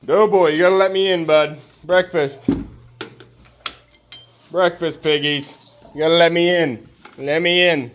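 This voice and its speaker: A man with a slightly high voice tends his farm animals outdoors, talking to them in a chatty, coaxing way as he goes. Faint farmyard noise and animal bleats sit behind him. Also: steady tone, a little slow, long pauses. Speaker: homesteader. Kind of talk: casual vlog talk to animals and camera.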